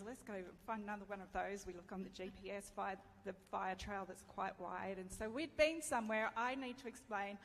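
A woman's voice: mid-range voice, a little hiss or hum. Woman preaching in a reverberant hall. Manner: candid, self-deprecating, laughs often. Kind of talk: sermon with personal story. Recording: reverberant hall, faint ambience.

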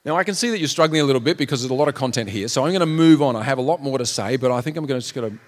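A man's voice: mid-range voice, rapid-fire. Earnest preacher man in a reverberant hall. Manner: earnest, acts out quotes in raised voices. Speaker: pastor. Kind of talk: sermon.

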